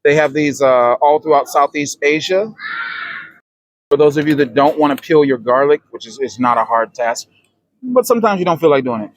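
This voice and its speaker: A man's voice: fairly high pitch, expressive, moderate pace, no room sound. A man vlogging as he walks through a supermarket, chatting and explaining prices to his viewers. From United States. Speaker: travel vlogger. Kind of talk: casual grocery-store walkthrough. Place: supermarket, indoors.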